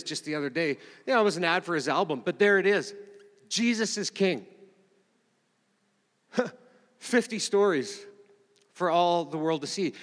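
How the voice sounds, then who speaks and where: Rambling pastor preaching in an echoing hall. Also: male voice, on the high side, a bit bright. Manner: rambling, conversational, with many fillers and restarts. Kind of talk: informal sermon. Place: church meeting room. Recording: long reverb of a hall.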